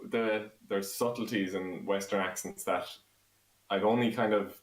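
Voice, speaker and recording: A man's voice: on the low side, steady tone, measured pace, reverberant, low-quality recording. An Irish man co-hosting a casual live-stream chat, laughing often. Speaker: co-host.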